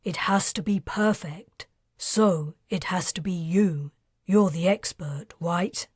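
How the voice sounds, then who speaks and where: A man's voice: high-pitched, slow, breathy edge, no echo, studio quality, heavily acted. A woman voicing a determined man in an audiobook, firm and persuasive. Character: determined man leading a risky plan.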